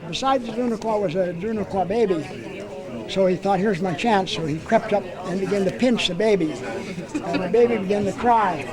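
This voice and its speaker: A man's voice: sits high, normal speed, a crowd in the background. A man storyteller telling a folk tale aloud in a plain, rhythmic way with repetitions. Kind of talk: oral storytelling.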